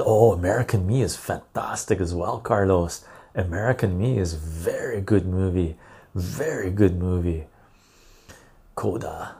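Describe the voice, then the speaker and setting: A man with a gravelly, husky voice chats casually on a live stream. He reads viewer messages aloud and answers them in a loose, rambling way, full of fillers. His tone is mellow and on the low side. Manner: relaxed and rambling, with frequent fillers.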